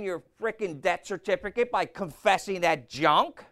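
A man in his sixties preaching a sermon, blunt and emphatic, repeating phrases and rising to loud outbursts. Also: sits high, normal speed, few pauses. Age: 60s.

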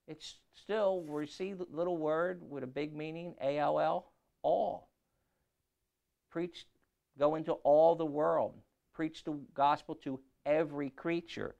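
Gravelly-voiced man preaching, loud and soft. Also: a little high, expressive, a little slow. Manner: swings from quiet talk to loud scripture reading. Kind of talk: sermon.

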